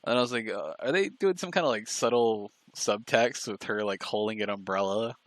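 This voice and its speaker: A man in casual chat on a live stream, rambling and halting with restarts and fillers. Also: fairly low pitch, no echo. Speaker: stream co-host.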